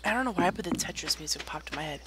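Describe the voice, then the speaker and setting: This woman streamer has a lowish, expressive voice and rapid-fire delivery, with a noisy background and loud game music. She chats casually about the gameplay, thinking aloud and fixing her own statements along the way.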